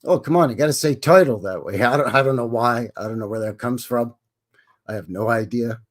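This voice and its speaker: A man's voice: mid-range voice, a little fast. A middle-aged man with a Western Canadian accent, hosting a casual live stream and greeting viewers in a folksy way.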